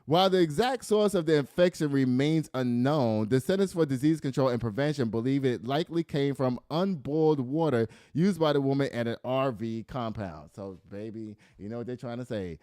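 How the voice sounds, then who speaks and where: Man, smooth resonant voice, dry close sound, animated news chat. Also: medium pitch, moderate pace, few pauses, dry recording. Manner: animated, laughing, reads stories aloud then riffs. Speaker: news commentary host. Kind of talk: casual news commentary.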